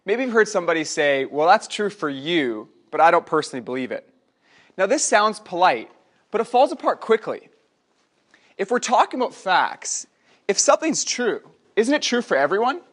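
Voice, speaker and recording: A man presenting a scripted video lesson in a clear, explanatory way. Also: high voice, big pitch swings, normal speed, a bit bright.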